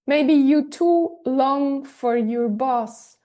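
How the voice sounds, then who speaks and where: Slow, measured woman telling a personal story. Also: sits high, mellow. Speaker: podcast host and author. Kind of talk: scripted personal narration.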